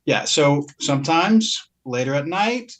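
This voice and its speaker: Speaking unhurriedly with a slightly high voice and lively intonation, the podcast co-host rambles casually about things he bought, cutting himself off mid-sentence and laughing frequently.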